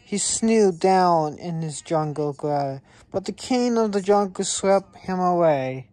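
A woman reading a children's picture book aloud, in a slow, halting way with small stumbles. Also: on the low side, animated, dark tone, dry recording. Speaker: reader.

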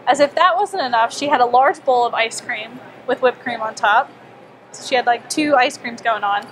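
A young woman telling a personal story to a small group, animated and chatty, acting out her own thoughts and saying "like" a lot. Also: a little high, moderate pace, background noise. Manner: animated, acts out her own inner voice, frequent "like". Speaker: wellness speaker. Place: small meeting room with a group.

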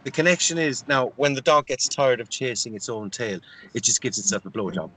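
A man in silly comedy banter, deadpan and mock-authoritative. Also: medium pitch, brisk, background noise.

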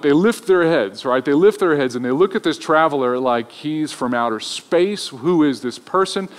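A man preaching an Easter sermon as pastor, in a relaxed, conversational way. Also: on the high side, big-room sound. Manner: conversational, acts out voices in retold scenes.

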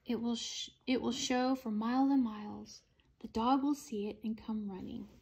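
A woman's voice: on the high side, steady tone, moderate pace, gravelly, darkish tone, husky. A woman reading aloud, voicing a chatty, cheerful little girl. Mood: earnest.

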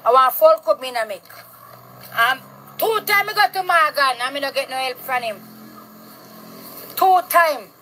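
A Jamaican woman ranting outdoors in a yard, loud, heated and full of curses, recorded on a phone. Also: high-pitched, lively intonation, fairly quick, a little hiss or hum, rough recording. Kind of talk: angry street rant to camera.

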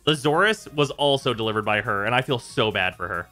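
A man's voice: medium pitch, a little fast, faint music behind. A man hosting a gaming stream, ranting in casual chat with lots of swearing. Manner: exasperated, swearing, animated rants. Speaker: streamer host.

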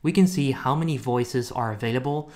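A man talks through a software tutorial in a relaxed, conversational way, with a voice of middle pitch. He often stops to correct himself mid-sentence. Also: brisk. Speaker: software reviewer. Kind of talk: casual screen-recorded tutorial.

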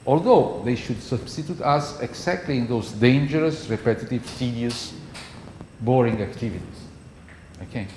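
Italian-accented professor in an echoey hall. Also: male voice, medium pitch, animated, normal speed, darkish tone. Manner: conversational, checks in with "okay?" often. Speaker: university professor. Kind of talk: classroom lecture. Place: university lecture hall. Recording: echoey lecture hall, faint noise.

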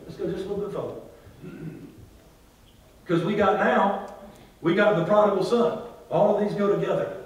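A man preaching a sermon as pastor, drawing responses from the congregation and swinging between loud and hushed delivery. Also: high voice, steady tone, moderate pace, long pauses. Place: large church hall. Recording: very echoey church hall, from far off.

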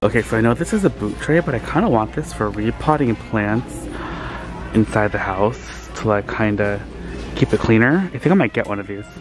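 Excited guy chatting to his viewers, gushing over everything, handheld cam. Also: lowish voice, normal speed, music in the background. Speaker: vlogger host. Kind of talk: casual vlog chat. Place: thrift store, then home kitchen.

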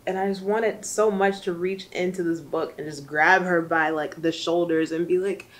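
A woman's voice: on the low side, fairly even intonation, normal speed. A woman reviewing a book in casual chat, chatty and emotional, rambling with lots of fillers.

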